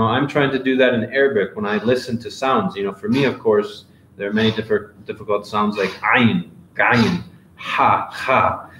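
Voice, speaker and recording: A man answering viewer questions in a live online English class, in a relaxed and encouraging teacher's manner. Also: mid-range voice, roomy sound, slight background noise, low-quality recording. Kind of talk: live Q&A office hours.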